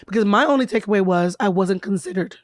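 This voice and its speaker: Hoarse chatty woman podcast host. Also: medium pitch, quick pace, no echo, clean studio sound. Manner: chatty and expressive, storytelling. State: hoarse from laryngitis. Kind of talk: casual chat. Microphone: studio mic.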